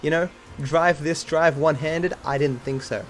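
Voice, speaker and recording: A man's voice: fairly high pitch, normal speed, faint music behind. A man commentating his own speedrun on a livestream, swearing often and chatting to viewers, frustrated and self-mocking. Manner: swears often, talks to chat between attempts. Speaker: speedrunning streamer. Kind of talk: live gameplay commentary.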